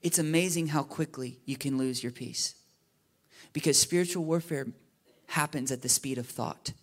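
A man's voice: fairly high pitch, moderate pace. Casual conversational preacher, man. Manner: casual, animated, often asking "right?" and "you know?". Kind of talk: conversational sermon.

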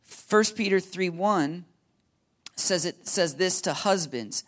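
American guy preaching, high voice, jokey and lively, keeps asking "all right?". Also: a little slow. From United States. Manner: animated, joking, keeps checking in with the crowd. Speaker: pastor. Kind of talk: sermon.

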